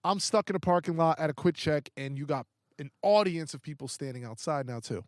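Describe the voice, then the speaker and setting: With a voice on the high side and a brisk pace, this young podcast guest tells a casual, lively story full of fillers and heavy swearing. The recording is dry and studio quality.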